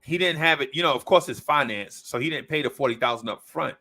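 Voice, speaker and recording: A man hosting a podcast, his voice a little high and his pace fast, tells a long story over casual chat. He's an animated storyteller who plays the characters, acting out their quoted voices.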